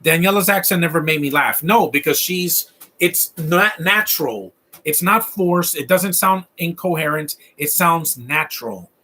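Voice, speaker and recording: A man with a Latino accent hosts a casual live stream, chatting about films while they play. He rambles and keeps restarting his sentences, and he gets worked up about bad accents. His voice is bright and a little husky. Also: fairly high pitch, measured pace. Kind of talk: casual film commentary.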